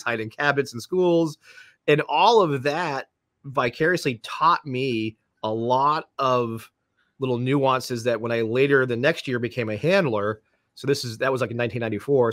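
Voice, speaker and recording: The guest is a man in his 50s from Florida, United States, who trains police dogs. On the podcast he spins long, wandering anecdotes and acts out the voices of the people in them, speaking in a fairly bright, mid-range voice with studio-quality sound and no room sound.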